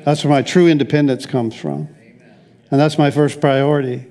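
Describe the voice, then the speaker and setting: Rambling pastor with a mellow voice. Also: male voice, on the high side, steady tone, normal speed. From United States. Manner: rambling, conversational, frequent restarts. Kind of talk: sermon.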